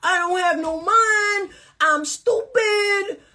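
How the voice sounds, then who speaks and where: A whining, dim-witted grown man complains that he cannot think , as a woman mocks him. The voice jumps far above a normal speaking pitch, nasal and self-pitying, played for ridicule. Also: slow, sharp tone, full character voice. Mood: mocking whine. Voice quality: high, whining, mocking.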